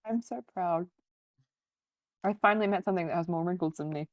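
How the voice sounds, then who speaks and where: Joking Australian woman, low voice. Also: brisk. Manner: joking, playful. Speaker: podcast co-host. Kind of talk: casual chat.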